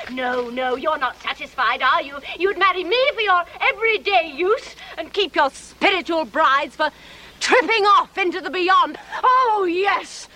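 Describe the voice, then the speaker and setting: A woman's voice: very high voice, slight background noise, heavily acted, low-quality recording. An actress playing a furious, jealous woman who bitterly berates her lover in a period film drama. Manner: bitter, shouting, scornful.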